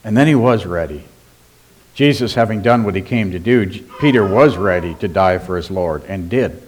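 A man preaching a sermon as pastor, emphatic, asking rhetorical questions and slowing down on key words. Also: low voice, expressive.

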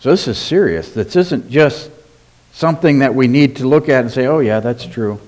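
A man preaching a sermon as pastor, emphatic, asking rhetorical questions and slowing down on key words. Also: medium pitch, lively intonation, a little mellow.

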